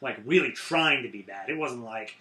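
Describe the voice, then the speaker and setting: Bright sarcastic man, echoey room. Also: mid-range voice, animated, normal speed. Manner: sarcastic, mocking. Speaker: co-host of a movie review show. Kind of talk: casual chat.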